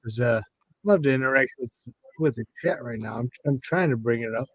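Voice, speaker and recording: A man's voice: mid-range voice, brisk, fairly bright tone, no room sound. A man on a live betting show, grumbling about his broken setup and swearing casually. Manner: grumbling, distracted by tech trouble. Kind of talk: casual profane banter.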